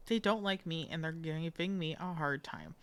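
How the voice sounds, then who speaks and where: A grumpy young engineer, tired from work and quick to snap, voiced by a woman reading game dialogue. She sounds defensive and fed up, her voice sitting a little low. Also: clear, resonant tone, lightly acted.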